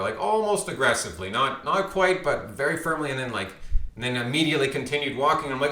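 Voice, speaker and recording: Bright-voiced man monologuing in an echoey room. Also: a little high, animated, fast. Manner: rambling, frequent restarts. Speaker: commentator vlogger. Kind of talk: casual monologue.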